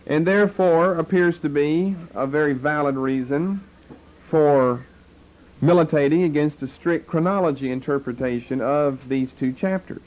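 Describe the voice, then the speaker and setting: Guy teaching a bible class, kinda high voice, walks through it slow and careful. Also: darkish tone, rough recording. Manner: deliberate, explanatory, rhetorical questions. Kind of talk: lecture on scripture.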